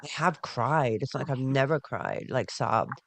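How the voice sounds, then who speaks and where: Emotional woman talking in halting bursts. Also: very deep voice. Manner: halting, emotional, restarts often. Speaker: guest panelist. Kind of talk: casual talk show discussion.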